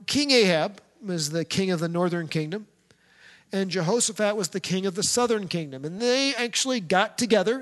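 A man preaching a sermon, retelling a scripture story in a lively storytelling manner. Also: high-pitched, big-room sound. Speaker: pastor.

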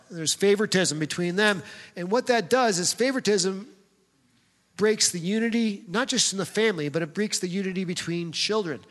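Male pastor, high voice, chatty storytelling sermon, long hall echo. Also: fairly bright tone. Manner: conversational, storytelling, talks directly to the congregation.

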